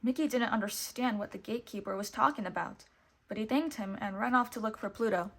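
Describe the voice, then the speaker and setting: A woman reading a picture book aloud, expressive and lively, putting on voices for the characters. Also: mid-range voice, brisk. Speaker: storybook reader.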